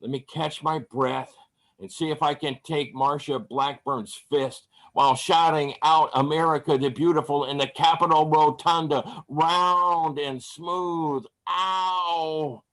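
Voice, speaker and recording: A man's voice: on the high side, fairly even intonation, slow pace, fairly bright tone. A man performing profane, angry spoken word poetry at an online open mic over a video call. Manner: angry, profane, declamatory delivery.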